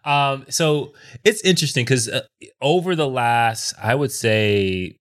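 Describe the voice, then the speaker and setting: A woman's voice: rumbling low, unhurried. A woman co-hosting a casual chat show, answering in a wry, teasing way. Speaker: podcast co-host.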